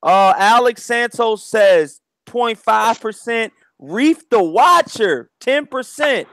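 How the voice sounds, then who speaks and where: High-voiced laid-back male host. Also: expressive, takes it slowly, fairly bright tone, no room sound, poor audio. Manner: laid-back, repeats "you know what I mean". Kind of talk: casual live-stream chat.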